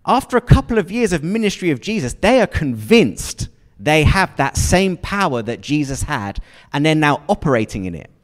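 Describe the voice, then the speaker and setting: This man's fairly high voice swings widely in pitch at a moderate pace as he delivers a sermon. Conversational and inquisitive, he keeps checking in with the congregation and posing questions to them. Long reverb from the church hall colors the whole recording.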